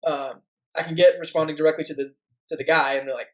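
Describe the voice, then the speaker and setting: A man co-hosting a sports podcast, talking casually and haltingly with lots of "you know" asides. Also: fairly high pitch, fairly even intonation, low-quality recording. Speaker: podcast co-host.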